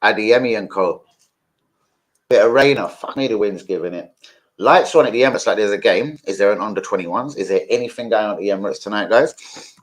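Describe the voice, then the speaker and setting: A man's voice: fairly low pitch, brisk. A man hosting a live football watch-along, chatting casually, rambling off-topic and swearing freely while talking to his viewers. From London.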